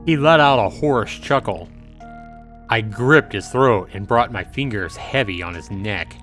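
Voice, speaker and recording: A man streaming a visual novel, reading the text aloud into a close mic and breaking into excitable outbursts. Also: lowish voice, a little slow, faint music behind. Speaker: game streamer.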